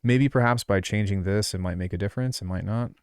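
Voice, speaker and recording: A man's voice: lowish voice, fast, a little mellow. A man giving a casual music production tutorial, rambling and offhand, with many fillers and asides, on a close desk mic. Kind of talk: casual screen-recorded tutorial.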